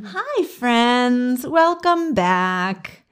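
A woman co-hosting a casual podcast chat, talking in a chatty, drawn-out way with lots of fillers. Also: a little high, big pitch swings, a little hiss or hum. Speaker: podcast co-host.

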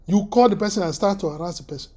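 Halting husky preacher. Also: mid-range voice, mellow. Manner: halting, repeats words, asks the listeners questions; often clears throat. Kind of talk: sermon.

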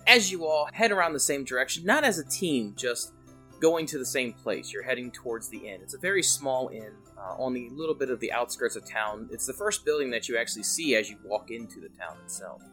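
A woman narrating a tabletop game as game master, measured and descriptive. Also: rumbling low, lively intonation, bright, forceful tone, faint music behind.

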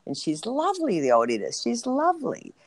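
A woman's voice: fairly high pitch, wildly swooping pitch, a little fast, no room sound. A woman co-hosting a podcast, chatting casually about a reality show, laughing and filling her talk with ums and you-knows. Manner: chatty, laughing, full of fillers. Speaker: podcast co-host.

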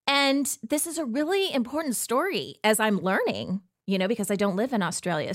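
A woman's voice: mid-range voice, fairly bright tone, dry recording, studio quality. A woman from the United States hosting an online show, talking in a chatty, emphatic monologue full of asides. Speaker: host. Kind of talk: casual monologue commentary.

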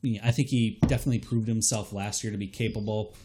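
A young man in casual podcast chat, analyzing fantasy football with relaxed fillers and hedges. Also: on the low side, fast.

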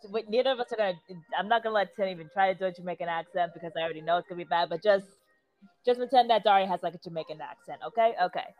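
A woman's voice: medium pitch, rapid-fire, lo-fi sound. Giggly rambling woman with music behind. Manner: giggly, rambling with many fillers. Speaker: player. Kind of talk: tabletop role-play banter.

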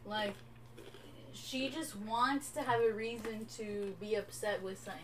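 A woman co-hosting, giving quick, blunt opinions in casual chat. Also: medium pitch. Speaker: co-host. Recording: voice from far off the mic.

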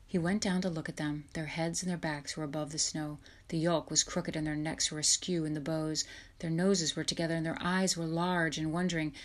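A woman narrates a children's chapter book, her voice sitting on the low side. She reads in a steady, even storytelling rhythm that warms into livelier delivery when the dialogue starts. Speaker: audiobook reader. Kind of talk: scripted narration.

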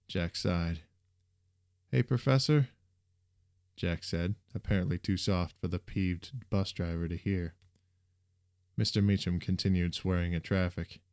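Deep-voiced man reading a story. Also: darkish tone, clean tone, no room sound, clean studio sound. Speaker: narrator. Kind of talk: storybook narration.

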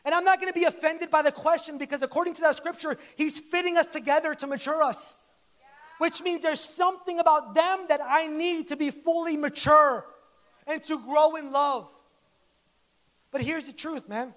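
A man's voice: very high-pitched, normal speed, a bit bright. A man preaching a sermon to his church in a conversational, joking way, acting out little quoted lines. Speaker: pastor. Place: church service.

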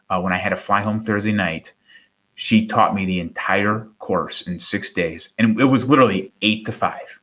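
A middle-aged man, a guest, telling a personal story in conversation, animated and acting out quoted voices. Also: on the low side, normal speed. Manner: animated, acts out quoted voices, repeats words.

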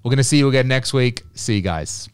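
A man's voice: medium pitch, lively intonation, fast, clean tone, no room sound, soft background music. A man hosting a podcast in casual chat, joking and crude in banter with his guest. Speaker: podcast host.

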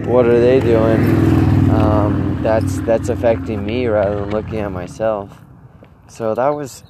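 A man's voice: lowish voice, noisy background. A young man vlogging outdoors, telling his viewers a story, acting out his own reactions and rambling with restarts.

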